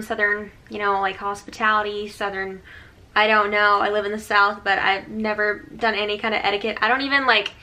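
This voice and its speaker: A woman's voice: mid-range voice, sharp tone. A young adult woman giving a chatty, sarcastic recap of a reality show as a vlogger, full of mock enthusiasm. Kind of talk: casual sarcastic recap commentary.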